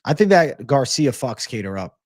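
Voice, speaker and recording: A man's voice: medium pitch, very animated, normal speed, a little mellow, no room sound, studio quality. A young man in his twenties hosting a casual livestream Q&A, reading chat questions aloud and answering in a laid-back way with frequent swearing. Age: 20s. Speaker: host of a livestream Q&A.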